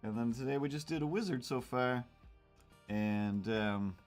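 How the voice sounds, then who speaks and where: A man's voice: medium pitch, a little slow, faint music behind. A man hosting a casual drawing livestream, rambling and self-mocking as he chats with viewers. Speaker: cartoonist streamer.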